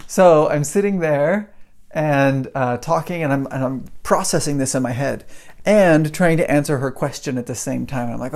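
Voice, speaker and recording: A middle-aged man hosting a podcast, telling a personal story in a chatty, animated way and acting out his own reactions. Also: a little high, moderate pace. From United States. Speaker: podcast host and English teacher. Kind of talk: casual storytelling monologue.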